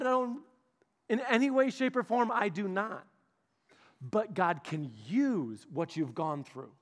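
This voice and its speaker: A young man preaching a sermon, telling a personal story and acting out the voices of the people in it, going from loud to hushed. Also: high-pitched. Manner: animated, acts out quoted voices, shifts from loud to hushed. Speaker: pastor's son preaching.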